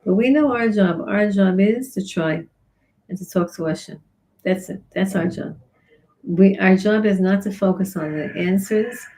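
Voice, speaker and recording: A woman giving a Torah class on Psalms in an earnest, expressive way, acting out back-and-forth dialogue with God. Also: mid-range voice, measured pace, low-quality recording. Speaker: rebbetzin teaching Psalms.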